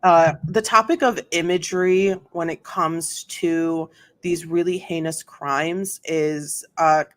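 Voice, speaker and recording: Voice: medium pitch, fairly even intonation, takes it slowly, fairly bright tone. A host giving casual commentary on a court trial, chatty and full of fillers and asides, reading testimony aloud.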